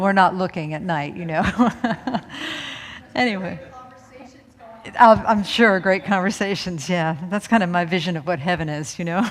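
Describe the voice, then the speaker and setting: A woman minister chatting with the congregation and introducing the guest speaker, laughing between remarks. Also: fairly low pitch. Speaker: minister and host. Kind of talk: church service introduction. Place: church sanctuary. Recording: long reverb in a hall, audience faint.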